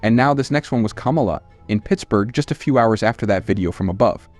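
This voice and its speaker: A man with a fairly low voice reads scripted political commentary as the host of his channel. He sounds scornful and emphatic, pressing each point, with soft music playing under his voice. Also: quick pace.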